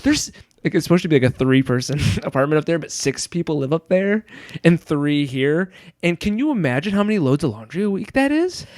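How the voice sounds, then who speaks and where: A man's voice: a little high, brisk, no echo, clean studio sound. A young man hosting a podcast, telling stories in a rambling, casual way with lots of fillers. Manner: rambling, filler-heavy, animated storytelling. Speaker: podcast host. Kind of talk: casual chat.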